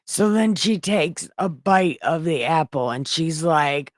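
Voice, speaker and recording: A woman's voice: sits low, unhurried, hardly any pauses, no echo, studio quality. A woman retelling a story in a rambling, joking way with crude humor. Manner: rambling, laughing, crude jokes. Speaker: comic storyteller. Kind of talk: casual comic retelling.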